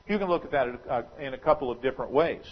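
A man preaching a sermon as pastor, talking through a scripture passage in a conversational, speculative way and slowing down to stress quoted verses. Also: mid-range voice, lively intonation, lo-fi sound. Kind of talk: expository sermon.

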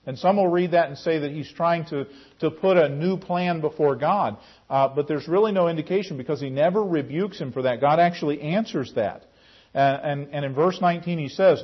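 A man teaching a Bible class in a conversational way, calling on class members by name. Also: moderate pace. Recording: muffled low-fidelity recording.

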